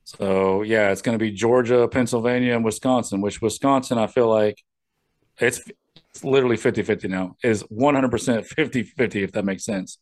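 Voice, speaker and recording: A man's voice: fairly low pitch, a little fast. A man co-hosting a casual political podcast, blunt and brief in his remarks. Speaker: podcast co-host.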